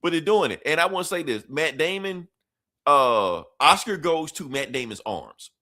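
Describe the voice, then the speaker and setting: Brief: male podcast co-host, animated and profane, lots of pitch movement, laughs often. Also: normal speed. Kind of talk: casual podcast chat.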